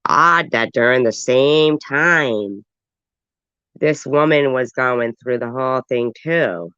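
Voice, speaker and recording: Slow-drawling man on a live stream. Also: medium pitch, sharp tone, clean tone, dry recording. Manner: drawling, offhand asides. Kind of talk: casual live stream chat. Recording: dull lo-fi dry audio.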